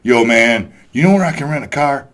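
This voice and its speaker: A man's voice: mid-range voice, expressive, brisk, fairly bright tone, voice pushed up, lightly acted. A man putting on the voice of a boastful, workshy young coworker who talks in street slang. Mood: pleading.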